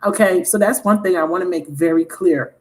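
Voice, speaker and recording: The audio is poor, but a brisk, fairly low, darkish female voice comes through. She is a tarot reader hosting a candid livestream on her channel, speaking with animation, swearing without restraint and laughing frequently.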